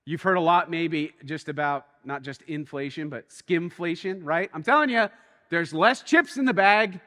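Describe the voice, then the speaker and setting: A man preaches a sermon, his voice high and bright. He tells a story animatedly, dropping quiet and then rising with excitement. A long reverb from the church hall trails behind him. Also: moderate pace. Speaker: pastor.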